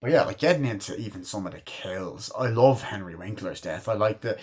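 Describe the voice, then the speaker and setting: A man's voice: lowish voice, expressive, brisk, slightly rough. A man in his twenties reviewing a movie in a casual, rambling way, full of filler words and casual cursing. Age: 20s.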